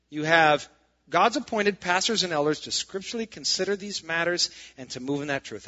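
A man's voice: medium pitch, bright, forceful tone. Sarcastic man preaching a sermon, lo-fi. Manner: sarcastic, rising to emphatic asides. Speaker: pastor.

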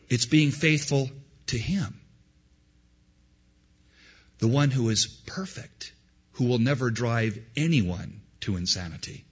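A man preaching a sermon, swinging between loud emphasis and quiet asides. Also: mid-range voice, animated, takes it slowly, long pauses, slightly rough. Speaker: pastor. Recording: dull lo-fi sound.

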